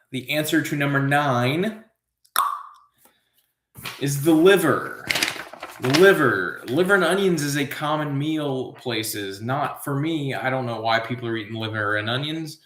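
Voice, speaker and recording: A trivia host with a medium-pitched male voice runs a live show, reading questions slowly and drawing them out. Between answers he drifts into laid-back, musing asides, and the audio sounds roomy with plenty of echo.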